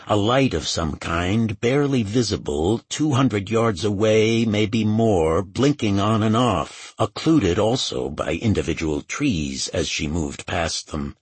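Brief: male narrator, low and husky, measured thriller reading, dry close sound. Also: no room sound. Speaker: audiobook narrator. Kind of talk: scripted narration.

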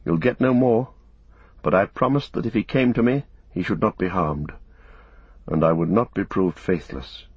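A man's voice: sits low, normal speed, breathy edge, dry recording. A man voicing an earnest, polite young male hero in an audiobook, speaking courteously and formally. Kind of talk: audiobook character voice. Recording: dull, dry studio recording.

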